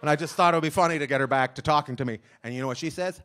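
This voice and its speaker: A man doing loud rambling stand-up comedy. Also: fairly high pitch, fast, slight background noise. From lives in Long Beach, California. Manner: loud, rambling, acts out voices of wife and dog. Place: comedy club stage before a live audience.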